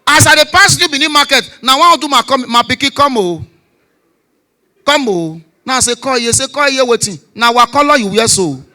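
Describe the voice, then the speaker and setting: A man in his forties with a Nigerian Pidgin English accent, telling stand-up comedy stories, shouting punchlines and dropping low for asides. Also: expressive, moderate pace. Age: 40s.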